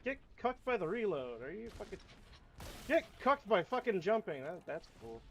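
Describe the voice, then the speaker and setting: Brief: higher-voiced guy gamer, profane trash talk, whiny bursts, faint gunfire under him. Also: normal speed, slight background noise. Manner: excitable outbursts and repeated phrases. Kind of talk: casual let's-play commentary.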